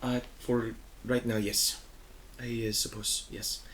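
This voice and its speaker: A man's voice: lowish voice, flat delivery, slow pace, fairly bright tone, a little hiss or hum, rough recording. A man voicing a hesitant female ship captain who halts and searches for words in an unfamiliar tongue, in a tabletop game. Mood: unsure.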